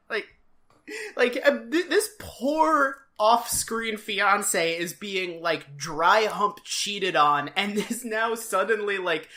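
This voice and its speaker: A woman co-hosting a podcast, recapping an old TV episode in casual chat, sarcastic and given to loud mock impressions. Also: mid-range voice. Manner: sarcastic, animated, mimics characters with big voices. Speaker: podcast co-host.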